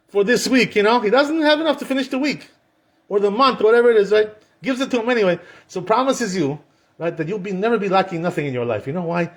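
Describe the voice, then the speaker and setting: Man, rabbi, casual storytelling lesson, high voice, chatty, acts out quotes. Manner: chatty, peppered with "you know" and Hebrew terms, acts out quotes.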